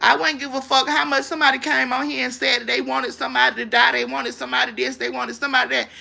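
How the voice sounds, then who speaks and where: Talking quickly and with a flat delivery, this livestream host rants at her audience in a blunt, combative, profanity-heavy way. Her pitch is high, her tone bright and edgy, and a rough vocal fry threads through everything she says.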